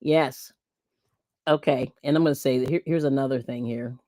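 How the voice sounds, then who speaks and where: A woman's voice: a bass voice, steady tone, moderate pace, warm tone, dry recording, studio quality. A middle-aged woman from Pennsylvania hosting a livestream, chatting casually and laughing often as she reads viewer comments. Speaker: livestream host.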